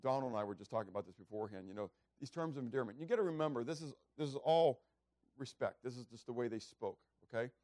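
A man's voice: medium pitch, fast, no echo. Man, pastor, conversational sermon, rhetorical questions, dry close sound. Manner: acts out biblical speeches with loud raised voice.

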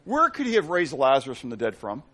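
A middle-aged man preaching a sermon, asking his congregation questions, swinging between loud emphasis and hushed tones. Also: mid-range voice, wildly swooping pitch, quick pace. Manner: asks the congregation fill-in-the-blank questions. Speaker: pastor.

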